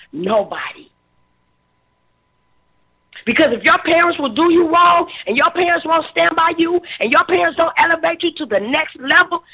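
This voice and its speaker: A woman in her fifties giving emphatic, emotional social commentary, repeating words as she presses her points. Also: high voice. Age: 50s. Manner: emphatic, preachy, repeats words when stirred. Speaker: talk show commentator. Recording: tinny phone-like line.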